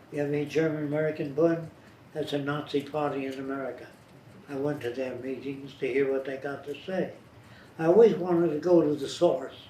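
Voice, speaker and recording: In an interview, an older man recounts his life in blunt, meandering anecdotes, his voice fairly high-pitched with a dark tone. The recording sounds distant and roomy, carrying a little background noise.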